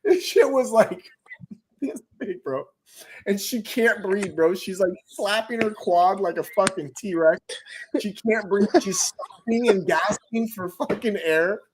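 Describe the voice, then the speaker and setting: A man's voice: sits high, measured pace, a little hiss or hum. A man hosting a livestream, telling a story in casual, profane slang and laughing between lines. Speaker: livestream host.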